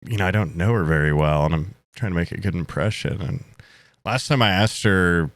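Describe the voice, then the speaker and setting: A man co-hosting a podcast in casual chat, a blunt, jokey storyteller who slips into quick voices for quotes. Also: sits low, no room sound. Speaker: podcast co-host.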